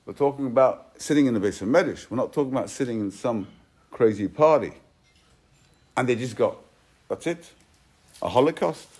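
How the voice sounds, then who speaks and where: This rabbi's medium-pitched voice is slightly rough and lively, moving at a moderate pace with long pauses. Telling a story during a Torah class sermon, he is emphatic, shifting from loud to soft, and blends Hebrew and Yiddish words into English.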